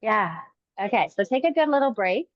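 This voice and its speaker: A woman coaching a kettlebell workout live, giving calm encouraging cues in short phrases. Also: mid-range voice, moderate pace, dry recording, highs cut off. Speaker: fitness coach.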